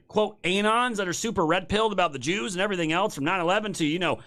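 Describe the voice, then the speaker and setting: A man's voice: high voice, fast, fairly bright tone. A man hosting his own political stream, ranting in a heated, profane and sarcastic way straight to his viewers. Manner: talks straight to viewers as "you guys". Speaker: political commentary show host. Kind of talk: live-streamed political rant.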